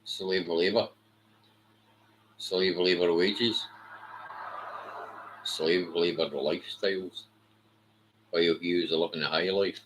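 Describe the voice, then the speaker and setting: A man with a very low voice speaks slowly in a rambling rant. His tone is hard and cutting, and he swears freely and scornfully throughout. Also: pushed and bright, low-quality recording. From Britain. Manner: blunt, heavily profane, scornful. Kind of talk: ranting monologue.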